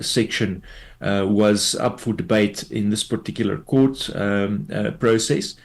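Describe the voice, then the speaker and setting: Low gravelly man explaining. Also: a little mellow. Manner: measured, explanatory, many fillers. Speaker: tax law expert guest. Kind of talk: radio news interview.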